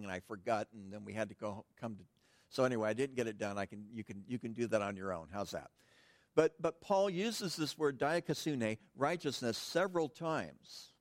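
A man's voice: medium pitch, no room sound. A man preaching a sermon in a conversational way, with frequent restarts and asides to the congregation. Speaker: pastor.

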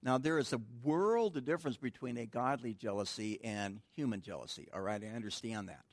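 A man's voice: mid-range voice, fairly quick, no echo. A man teaching a midweek Bible study in a conversational, informal way, asking the room questions and answering them himself.

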